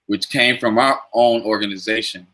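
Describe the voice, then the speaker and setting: Hesitant, bright-voiced male sports host. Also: fairly low pitch, fairly even intonation, normal speed, low-quality recording. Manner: hesitant, full of "uh" and "you know". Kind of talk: sports talk radio.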